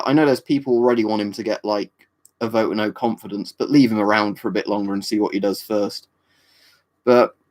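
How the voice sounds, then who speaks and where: A British man chatting loosely on a livestream. He rambles through his answers to the viewers, dropping in plenty of ums and tag questions, and his voice sits at an ordinary middle pitch. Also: darkish tone. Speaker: livestream host answering chat. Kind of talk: casual live chat.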